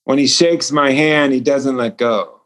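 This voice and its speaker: A man's voice: mid-range voice, measured pace. A male author and speaker telling a personal story as a guest over a remote call, earnest and acting out the dialogue. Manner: earnest, acts out quoted dialogue. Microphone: remote call connection.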